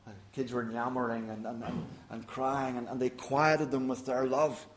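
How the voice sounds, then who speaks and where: Guy preaching in a roomy church, earnest, gets quiet and soft for the quotes. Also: medium pitch, level tone, normal speed. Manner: earnest, quoting God's words in a softer voice. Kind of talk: sermon.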